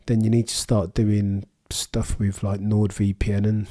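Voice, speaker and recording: A young livestream host from England, Birmingham accent clear, speaks slowly in a lowish, mellow voice with little pitch movement. He keeps a live race watchalong casual, reading viewer comments and adding dry quips.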